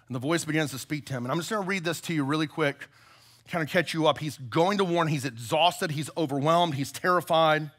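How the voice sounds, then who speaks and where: A male pastor preaching a sermon, retelling a story as an animated storyteller. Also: a little high, brisk.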